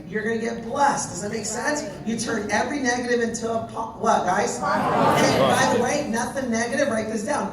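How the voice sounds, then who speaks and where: A man giving an energetic motivational talk to a sales team, telling stories and checking in with his audience as he goes. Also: very high-pitched. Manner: animated, keeps checking in with the audience. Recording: very echoey room, voice from far off, noisy.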